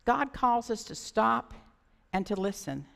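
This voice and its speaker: A woman's voice: a little high, animated, measured pace, vocal fry. A woman pastor giving a sermon in a conversational storytelling manner, sometimes acting out voices. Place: church sanctuary. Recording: church sanctuary reverb.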